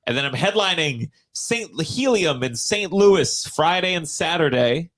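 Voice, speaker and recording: A man, a guest comedian, telling animated anecdotes in a casual chat. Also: on the high side, unhurried.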